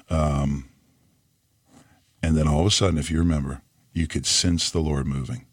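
A pastor with a very low voice, speaking close and dry into the microphone. He tells his story earnestly, with pauses where the emotion catches up with him. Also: steady tone, no echo. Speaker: pastor and podcast co-host. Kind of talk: storytelling in podcast conversation.

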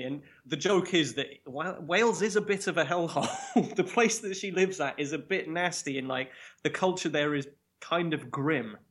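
A man's voice: a little high, fairly bright tone. A man with an English accent, a podcast guest chatting casually and making dry jokes. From England. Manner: dry, joking.

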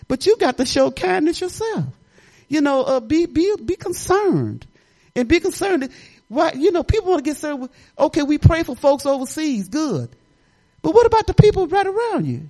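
A woman's voice: mid-range voice, sing-song, normal speed, dark tone, low-quality recording. An older woman pastor, preaching in a folksy, conversational way, rambling into personal stories with asides. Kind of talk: informal testimony sermon.

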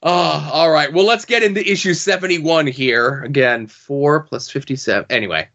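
A man's voice: a little high, moderate pace, fairly bright tone. A man co-hosting a podcast, chatting casually about a comic book in a loose, joking way. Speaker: podcast co-host. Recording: dull lo-fi podcast audio.

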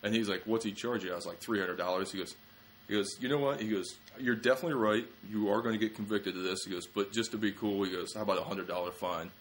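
A young adult man with a low, deep voice tells a rambling story in casual podcast chat. He mocks himself freely and snaps into quick impressions of the people in the story. A faint hum of room noise sits underneath. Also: fairly even intonation. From small-town Ohio. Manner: rambling, self-mocking, quick acted-out quotes. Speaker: comedian guest.

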